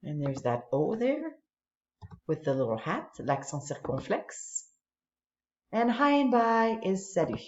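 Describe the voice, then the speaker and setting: With a sing-song, medium-pitched voice and a slow pace, a French teacher walks her students through an online flashcard tool one step at a time. It's a patient, explanatory screen-recorded tutorial. The recording sounds dull and lo-fi, set in an echoey room.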